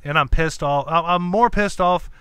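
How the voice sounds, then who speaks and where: Profane, animated male podcast host. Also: fairly high pitch, normal speed, smooth, no echo. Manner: profane, animated storytelling with acted-out quotes. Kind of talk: casual chat.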